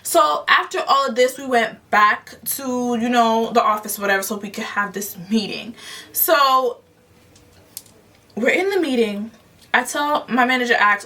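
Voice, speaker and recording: Woman, high bright voice, blunt and profane, storytime vlog, mic a little far off. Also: animated, unhurried. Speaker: vlogger telling a story. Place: parked car.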